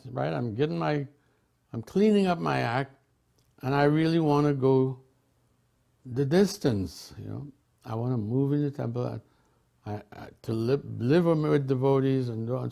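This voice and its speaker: An older man from a Caribbean island telling personal memories in a relaxed, chatty way, laughing often and restarting his sentences. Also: mid-range voice, vocal fry. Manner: warm storytelling with frequent laughs and restarts. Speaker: devotee sharing memories. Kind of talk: casual reminiscence.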